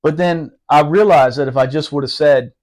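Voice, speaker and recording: A man telling a rough, profane story from his military days in casual podcast talk, laughing and doing quick impressions. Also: a little high. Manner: profane, animated, laughing, fast asides.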